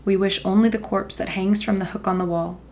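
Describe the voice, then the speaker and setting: A woman's voice: mid-range voice, steady tone, a little fast, darkish tone, slight background noise, natural voice. A woman voicing a pair of small sexless creatures who answer with firm, plain refusals. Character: two small sexless creatures made from dirt.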